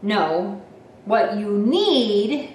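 A woman voicing a cheerful, fidgety little pig in a storybook, hesitant at first, then bright and sing-song. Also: medium pitch, animated, drawn-out words, slight background noise. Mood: insistent. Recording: roomy, from a distance.

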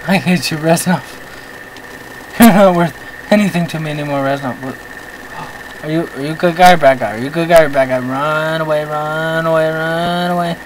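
A man hosting a let's-play, giving excitable commentary, often yelping at the game, with self-mocking rambling asides. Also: fairly high pitch, fairly quick, pauses often, a little hiss or hum, poor audio. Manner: excitable, yelps and shouts at the game. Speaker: gaming channel host.

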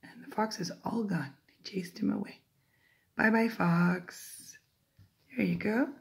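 An older woman, a grandmother, reading a picture book aloud to a small child, gentle, with whispered asides. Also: medium pitch, moderate pace, vocal fry.

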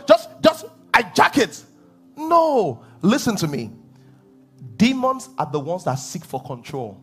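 Male pastor, husky and animated, swings his pitch a lot while preaching. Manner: animated preaching with laughs and acted-out asides. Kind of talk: sermon. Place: church hall.

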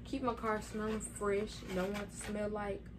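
A woman's voice: medium pitch, level tone, moderate pace, background noise. A young woman vlogging in a chatty, casual way, retelling what happened and quoting herself as she goes. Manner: chatty, retells moments with "I'm like" quotes. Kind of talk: casual storytelling vlog.

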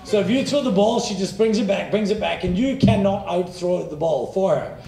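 An irreverent man speaks from a stage in a roomy, echoing hall. His voice sits high for a man and turns gravelly at the ends of phrases. He talks in a punchy way and keeps checking in with "right?". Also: moderate pace, mellow. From South Africa. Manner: irreverent, punchy, swears casually, asks "right?" often. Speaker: keynote speaker. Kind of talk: energetic conference talk. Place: large hall with live audience.

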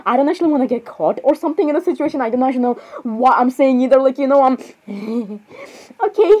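Flustered high-voiced woman stammering apologies. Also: fast, warm tone, rough recording. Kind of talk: casual in-game role-play chat.

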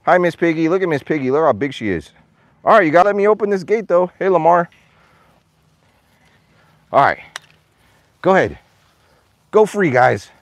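Farm vlogger, male, animated and chatty outdoors, a very lively pitch, dry close sound, slightly winded. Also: moderate pace, long pauses, dry recording. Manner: chatty and animated, calling to his animals in a high voice. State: out of breath. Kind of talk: casual livestream vlog.

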